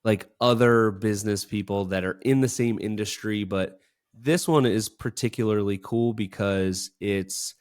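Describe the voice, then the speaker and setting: A man's voice: lowish voice, a little slow. A man co-hosting a casual business podcast, talking in an enthusiastic, praising, rambling way. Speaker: podcast co-host. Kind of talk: casual chat.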